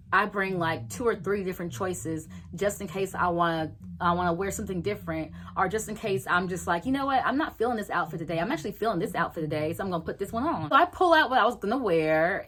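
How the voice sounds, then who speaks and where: A young woman vlogger telling a casual story, animated, swearing freely and acting out what people said. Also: medium pitch.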